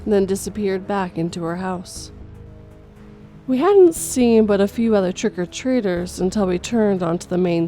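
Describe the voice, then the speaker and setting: A woman reading a first-person horror story in a steady storytelling voice, going gentle for a mother's lines. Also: lowish voice. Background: faint music.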